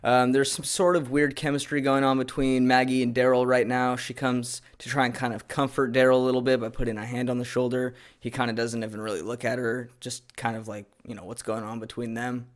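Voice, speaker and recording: A young man talks through a TV episode in a relaxed, rambling way, leaning on fillers as he goes. His voice sits in a middling range for a man. It comes across as an easygoing home review. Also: mid-range voice, fairly quick, hardly any pauses. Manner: laid-back, rambling with fillers. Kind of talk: casual recap and review.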